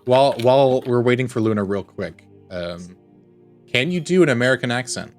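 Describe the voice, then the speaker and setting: A man's voice: mid-range voice, animated, a little fast, soft background music. A man running a tabletop game, chatting and teasing his players on a voice call. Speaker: game master. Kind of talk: casual chat.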